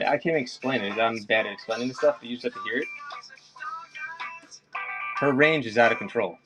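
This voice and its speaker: A man's voice: medium pitch, quick pace, pauses often, music in the background, low-quality recording. A man chatting casually with viewers during a live auction stream, rambling and addressing them by name.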